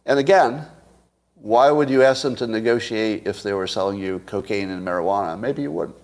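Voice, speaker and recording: A man's voice: on the low side, normal speed, a little mellow. A man giving a casual political monologue, blunt and profane, firing off rhetorical questions. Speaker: commentator.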